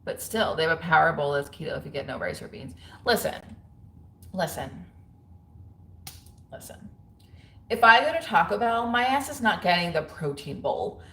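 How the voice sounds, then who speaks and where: A woman's voice: lowish voice, big pitch swings, fast talker, few pauses, pushed and bright. A woman in her thirties hosting a casual livestream, chatting frankly with viewers, laughing often and using lots of fillers. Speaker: livestream host. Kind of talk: casual livestream chat reading viewer comments. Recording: roomy echo.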